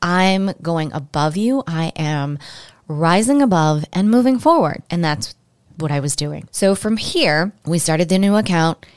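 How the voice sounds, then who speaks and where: A woman's voice: fairly low pitch, a little slow, clear, resonant tone, dry recording, studio quality. A woman hosting her own podcast, telling a personal story in a candid, emotional, chatty way straight to her listeners. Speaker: podcast host.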